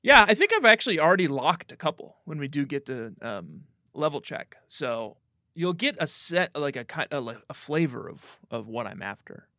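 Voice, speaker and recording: A man's voice: fairly high pitch, big pitch swings, moderate pace, sharp tone, no echo, studio quality. A man co-hosting a podcast in casual chat, joking and rambling with plenty of ums and likes. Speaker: podcast co-host. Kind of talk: casual chat about a video game.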